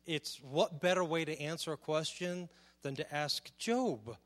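A man preaching a sermon, animated, full of rhetorical questions, often repeating words as he searches for the next one. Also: fairly high pitch, a little slow, long reverb tail. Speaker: pastor.

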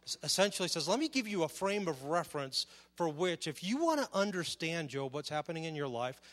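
A man preaching a sermon, animated, full of rhetorical questions, often repeating words as he searches for the next one. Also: fairly high pitch, fairly quick, big-room sound. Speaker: pastor.

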